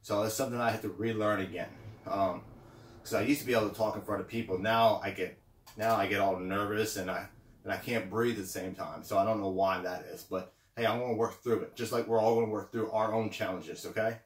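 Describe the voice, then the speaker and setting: A man's voice: lowish voice, fairly even intonation, brisk, far from the mic. A slightly winded man giving a casual, encouraging pep talk, often repeating himself and checking in with "okay" and "right". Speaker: motivational vlogger. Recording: roomy sound, away from the mic.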